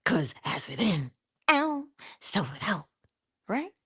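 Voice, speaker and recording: A woman hosting a spiritual talk, animated and laughing often as she tells stories. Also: medium pitch, takes it slowly, breathy edge. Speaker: spiritual channel host. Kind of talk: casual spiritual talk to viewers.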